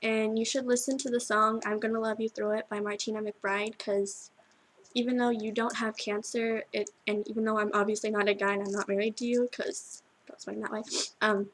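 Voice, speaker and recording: A teenage girl recording a tearful video message to her best friend, halting and full of restarts as she cries. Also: mid-range voice, little pitch movement, slight background noise, rough recording. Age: teens. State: crying. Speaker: vlogger.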